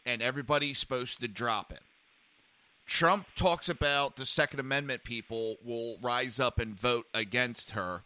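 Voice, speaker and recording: Blunt, bright-voiced talk radio man. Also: mid-range voice, smooth. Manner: blunt, profane, stumbling restarts. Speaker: radio talk show host. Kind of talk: casual political talk radio.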